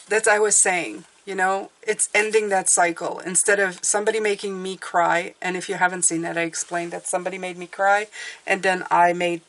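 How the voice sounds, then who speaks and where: A woman's voice: lowish voice, fairly bright tone. A middle-aged woman giving a casual tarot reading, chatty and reassuring, often checking in with "okay?". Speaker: tarot reader.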